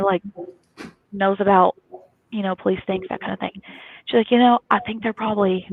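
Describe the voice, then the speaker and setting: A fast, animated woman tells her story on a video call. The audio is thin and phone-like, with a dry, close sound. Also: medium pitch, gravelly, no room sound. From Kentucky, USA. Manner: lively, chatty, animated storytelling. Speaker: guest. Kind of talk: casual storytelling on a live talk show.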